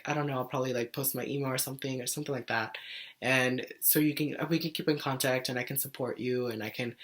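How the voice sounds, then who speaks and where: A young woman talking earnestly to camera in a casual vlog, rambling with lots of "like" fillers. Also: a bass voice. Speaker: vlogger sharing her own illness story. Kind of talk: casual heartfelt vlog talk.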